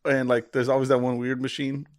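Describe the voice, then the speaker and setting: A man's voice: medium pitch, completely flat delivery, dry recording. Joking young man, dry close sound. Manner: joking, quick banter. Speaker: podcast co-host. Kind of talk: casual chat.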